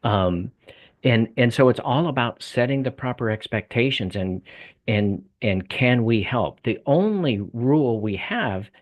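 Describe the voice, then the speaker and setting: A man's voice: medium pitch, expressive, measured pace, lo-fi sound. An older man with a Southern US accent, a guest in a conversational interview, talking in a folksy way with repeated words and restarts. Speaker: guest, debt coaching salesman.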